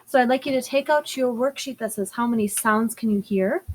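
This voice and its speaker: A woman teaching first graders a phonics lesson, slowly and patiently sounding out each word. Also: a little high, noisy background. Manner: sounds out words slowly and clearly. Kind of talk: slow, patient phonics lesson for young children.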